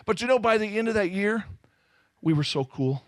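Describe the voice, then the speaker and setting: A man from Southern California telling his life story to an audience, animated and full of self-mocking humor. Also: sits high, normal speed, no room sound, clean studio sound. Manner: animated storytelling, acting out quoted voices. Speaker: speaker giving his testimony. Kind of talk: testimony to a live audience.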